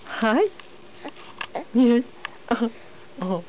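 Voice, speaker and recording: A woman's voice: a little high, animated, takes it slowly, long pauses. A woman filming her baby with a handheld camera at home, cooing in sing-song baby talk and laughing often. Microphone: handheld home video camera. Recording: tinny lo-fi home video with hiss.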